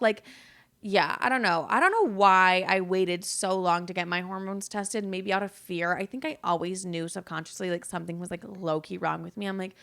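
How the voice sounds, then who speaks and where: A woman's voice: lowish voice, fairly even intonation, moderate pace, vocal fry, fairly bright tone. Candid, profane young woman podcaster. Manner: candid, profane, filler-heavy rambling. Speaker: podcast host. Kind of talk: casual solo podcast monologue.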